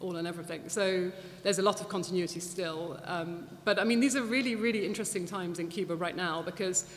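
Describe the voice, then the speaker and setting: A woman giving an anecdotal talk to an audience, chatty and animated, often restarting her sentences. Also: lowish voice, fairly quick. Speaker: guest speaker at a public talk. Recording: echoey hall, faint background noise.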